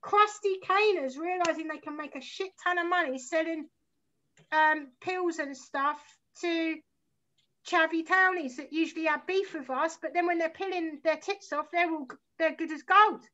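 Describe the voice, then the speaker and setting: Woman, London accent, forties, high-pitched, rambling and sweary, slightly dull recording. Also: moderate pace, bright, forceful tone. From South London, England. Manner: rambling, sweary, enthusiastic storytelling. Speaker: guest musician. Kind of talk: casual chat. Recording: slightly muffled lo-fi sound.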